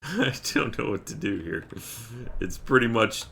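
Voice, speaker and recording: A man's voice: on the low side, lively intonation, unhurried, gravelly, pushed and bright, husky. A man casually chatting on a live game stream, thanking viewers by name as he plays. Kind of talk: casual live-stream chat while gaming.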